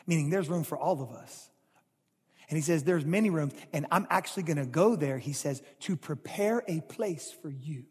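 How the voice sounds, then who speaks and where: Husky, high-pitched male pastor, animated sermon delivery, long hall reverb. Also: normal speed. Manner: animated preaching, swings from loud to hushed.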